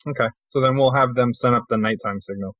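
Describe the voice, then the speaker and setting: A man's voice: mid-range voice, fast, fairly bright tone, no room sound. A man playing in a tabletop role-playing game, chatting casually and cracking jokes. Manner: joking and playful, often laughing. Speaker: player.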